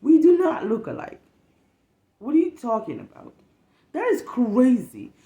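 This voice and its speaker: A young woman from West Africa telling a casual storytime rant as a vlogger, animated and profane, acting out what people said. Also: a little high, a little slow, echoey room, lo-fi sound. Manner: animated, profane, emphatic, acts out quotes.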